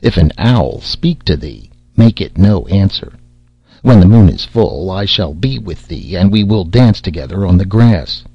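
A man's voice: sits low, animated, unhurried, husky, no room sound, soft background music, full character voice. A man voicing a scheming, sly female witch who coaxes and mutters in an audiobook reading. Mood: secretive. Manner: coaxing, muttering, secretive. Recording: slightly dull lo-fi audio.

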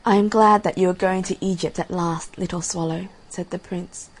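Woman, storybook reading, husky, slightly low voice, gentle and measured. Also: steady tone, low-quality recording.

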